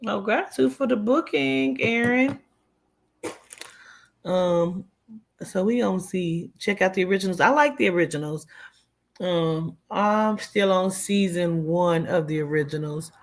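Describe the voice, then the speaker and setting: A woman's voice: mid-range voice, unhurried, gravelly. Chatty woman livestreaming, loose and rambling. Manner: chatty and rambling, with frequent swearing and "child" asides; reads and answers viewer comments. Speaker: livestream host. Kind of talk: casual chat with live viewers.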